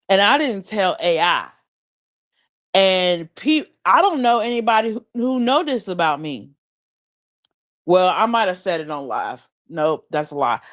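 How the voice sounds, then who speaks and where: A woman chatting casually on a livestream, telling a rambling story with lots of laughs and swearing. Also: medium pitch.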